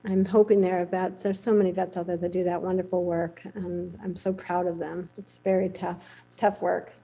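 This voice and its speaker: A middle-aged woman recounts an old career story with lively, animated storytelling, acting out the people she quotes. Her voice has a gravelly fry and a dark, mellow tone. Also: on the low side, moderate pace, low-quality recording. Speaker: veterinarian guest. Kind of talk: storytelling in a podcast interview.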